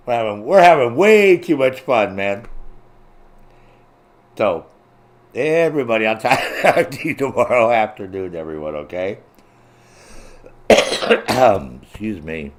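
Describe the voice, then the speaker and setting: A man's voice: medium pitch, sing-song, slow pace, long pauses. Crude, joking male streamer. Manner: crude, profane, laughing a lot, reads chat. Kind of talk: casual live-stream chat.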